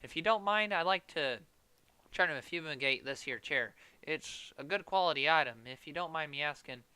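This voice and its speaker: A man voicing a boorish, slow-witted middle-aged country cousin in a comedic parody dub, folksy in manner. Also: fairly high pitch, pushed and bright, clean tone, no echo.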